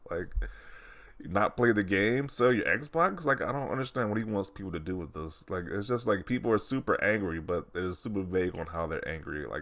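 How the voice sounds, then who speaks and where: A man's voice: low voice, a bit bright. A young man hosting a gaming channel, rambling in casual commentary with lots of "like" and incredulous questions.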